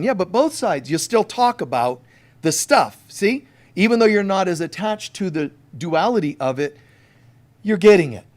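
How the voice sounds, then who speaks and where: A man preaching a conversational sermon as a spiritual teacher, emphatic and storytelling, talking straight to his listeners. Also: on the high side. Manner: emphatic, direct address to listeners.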